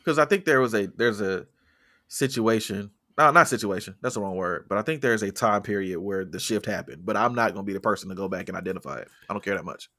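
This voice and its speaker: A man's voice: lowish voice, quick pace. A man co-hosting a music podcast in casual, jokey chat. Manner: animated, jokey, breaks into loud impressions. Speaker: podcast co-host.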